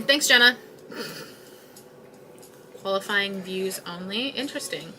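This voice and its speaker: A woman's voice: mid-range voice, measured pace, long pauses, background noise. A young woman chatting casually while she crochets, rambling and exasperated as she talks to her viewers. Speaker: crochet livestream host.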